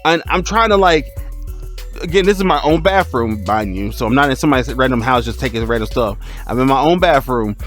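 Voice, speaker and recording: A man telling a funny storytime as a streamer, animated, laughing and exclaiming as he goes. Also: medium pitch, fairly quick, soft background music. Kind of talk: storytime vlog.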